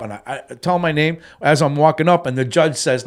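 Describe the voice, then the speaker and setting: A man co-hosting a casual sobriety podcast, telling a personal story in an animated way and dropping fillers like man and bro. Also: medium pitch, fast, hardly any pauses. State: tearful when reliving the moment. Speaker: podcast co-host.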